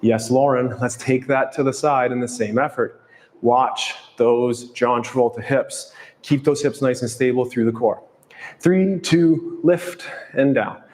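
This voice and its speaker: A man leading a follow-along ballet barre and strength workout, calmly counting and cueing each movement. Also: medium pitch, a little slow, in a large hall. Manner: calm, steady cueing with counts. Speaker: fitness instructor.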